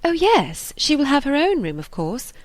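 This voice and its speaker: A woman voicing a confident, clever young lady in an audiobook, brisk and reassuring. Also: sits high, sing-song, dry recording, pitched above the performer's own voice. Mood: assured.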